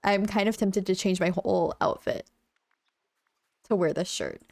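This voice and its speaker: A woman's voice: medium pitch, a little slow, gravelly, a little mellow, no room sound, clean studio sound. A young woman streaming a video game, chatting casually and gushing, a little congested and sniffly, talking into her own mic. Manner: chatty, gushing, self-correcting. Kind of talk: casual gameplay commentary. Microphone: own desk mic.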